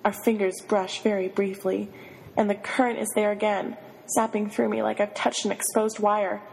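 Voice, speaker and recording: A woman reading a novel aloud in the first person, giving the inner monologue an expressive, flustered delivery. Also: mid-range voice, moderate pace, creaky, in a large hall, low-quality recording. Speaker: reader.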